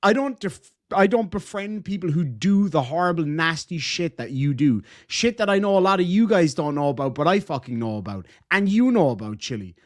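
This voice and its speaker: A man gives profane, gloating commentary in a slightly high voice. His pitch swings widely as he mocks and taunts. He talks like a streamer reacting live to a clip. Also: lively intonation, fairly quick, dry recording, clean studio sound. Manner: gloating, heavy swearing, mocking.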